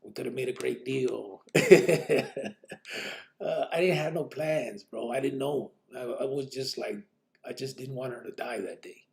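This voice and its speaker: A man's voice: medium pitch, unhurried, creaky, darkish tone. A man telling his own story on a live podcast, blunt and profane, full of fillers. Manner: blunt, profane street talk with many fillers.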